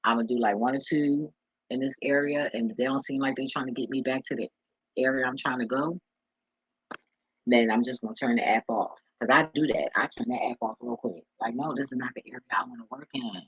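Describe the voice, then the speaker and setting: Husky man rambling casually on a vlog. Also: mid-range voice, brisk, fairly bright tone, dry recording, lo-fi sound. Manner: loose, profane, laughing storyteller. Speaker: vlogger and delivery driver.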